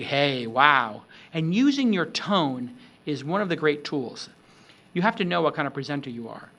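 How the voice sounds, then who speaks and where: A middle-aged man hosting a talk on product demos, animated and acting out example pitches with shifting tone. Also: creaky. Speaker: host. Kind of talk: instructional talk on startup demos.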